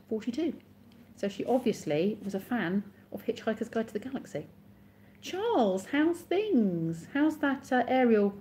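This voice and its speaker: A woman's voice: fairly high pitch, warm tone, a little hiss or hum. A woman in her thirties, chatting casually on a live stream and answering viewers' comments as they come in.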